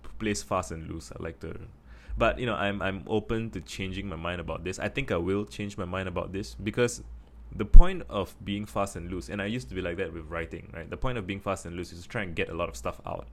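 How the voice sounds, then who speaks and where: A young Singaporean man with a Singaporean accent, musing in a casual video monologue and deliberately speaking slowly from his chest. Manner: practicing a slow, deep, chest voice; thoughtful, many fillers and restarts. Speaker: vlogger.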